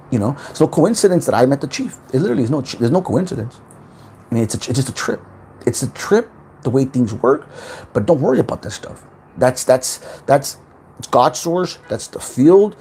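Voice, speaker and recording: A man's voice: medium pitch, mellow, slight background noise. A man hosting a casual spiritual self-help livestream from home, rambling, repeating words and swearing freely.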